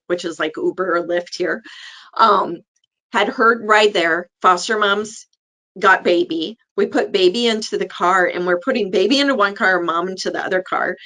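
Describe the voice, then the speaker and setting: A middle-aged neonatal nurse practitioner earnestly tells a personal story in an interview, acting out the people involved. Her voice is medium-pitched and a bit bright.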